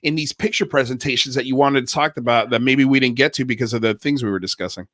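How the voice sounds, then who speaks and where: Bright casual livestream host man. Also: mid-range voice, quick pace, no room sound. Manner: loose, rambling, lots of fillers and slang.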